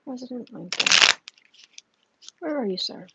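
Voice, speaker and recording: A woman hosting a casual psychic tarot livestream at home, chatting with viewers and pausing often with fillers. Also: on the high side, expressive, creaky, very noisy. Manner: chatty, answers viewers' chat, halting with fillers. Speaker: tarot reader and livestream host. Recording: dull lo-fi stream audio.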